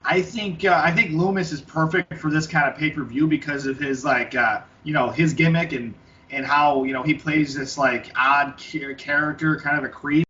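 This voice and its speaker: A man co-hosting a wrestling podcast, his voice fairly high and bright. He rambles casually, restarting his sentences and leaning on fillers. The recording is dull and lo-fi, and he sits a little away from the mic. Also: fairly even intonation, normal speed. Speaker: podcast co-host. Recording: lo-fi, distant from the mic.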